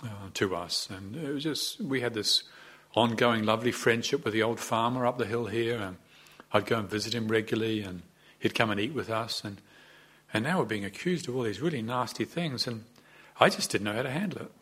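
A man's voice: lowish voice, brisk, a bit bright, husky. A man in his sixties, a Buddhist abbot, giving a conversational dharma talk in a reflective, self-deprecating way, with frequent hesitations. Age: 60s.

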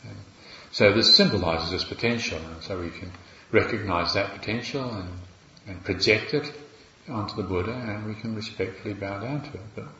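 A low-pitched man gives a dharma talk as a Buddhist teacher. He speaks in a measured, reflective way, with small restarts. The recording is echoey and dull, like a lo-fi capture in a roomy hall. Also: bright, forceful tone. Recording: echoey room, dull lo-fi sound.

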